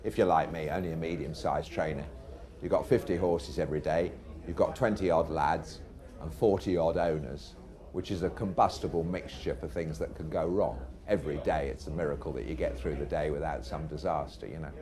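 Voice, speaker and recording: Deep-voiced man telling a story. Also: brisk, a crowd in the background. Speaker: racehorse trainer. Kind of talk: anecdotal storytelling. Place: pub, live audience.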